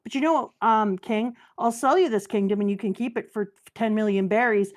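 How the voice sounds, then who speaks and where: A woman's voice: mid-range voice, fairly quick, natural voice. A woman voicing a scheming, flamboyant male pirate ruler in a casual, mocking retelling. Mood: smug.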